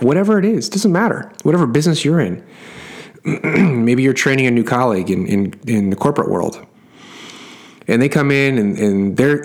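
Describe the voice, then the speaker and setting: A middle-aged man coaching his clients through a casual story, emphatic and repeating words for effect. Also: mid-range voice.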